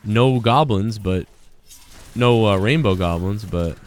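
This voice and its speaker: A man's voice: on the low side, slow pace. A man chatting casually on a gaming live stream, rambling and getting heated as he retells an argument.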